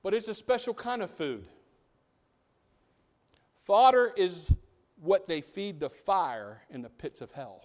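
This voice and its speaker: A man preaches with a high, lively voice. He swings from loud outbursts to near-whispered lines. The sound rings in a hall with a long echo. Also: slow, pauses often. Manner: animated, swings from loud to hushed. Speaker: pastor. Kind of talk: sermon.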